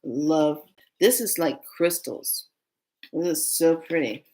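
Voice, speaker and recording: A woman who reads oracle cards, telling a rambling, excitable story in a casual vlog. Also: low voice, slow. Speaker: oracle card reader.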